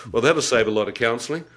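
A man's voice: medium pitch, fairly quick, a bit bright. Wry middle-aged man telling his testimony. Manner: vivid, wry, laughs at himself, acts out his own inner talk. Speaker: guest telling his conversion story. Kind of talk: personal testimony storytelling.

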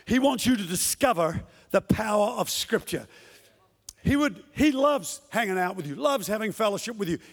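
A pastor gives a passionate sermon to his congregation in a church hall, dramatizing the words he quotes. He speaks at a moderate pace in a high-pitched, animated voice, and the room sounds big.

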